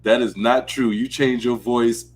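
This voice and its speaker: A man's voice: mid-range voice, steady tone, measured pace, a little hiss or hum. A man hosting a casual podcast interview, teasing his guests and laughing often. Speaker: host.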